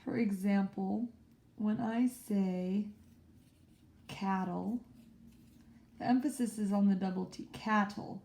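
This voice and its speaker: A woman's voice: medium pitch, fairly even intonation, normal speed, warm tone. A woman teaching a spelling lesson to a small group in a classroom, explaining patiently and stretching out example words. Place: classroom with whiteboard.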